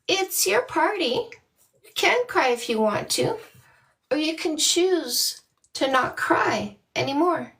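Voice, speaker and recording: A woman's voice: sits high, lively intonation, slow pace, a bit bright, far from the mic. A middle-aged woman from Canada, a dating coach, talking casually to viewers on a livestream and greeting them by name in a playful way.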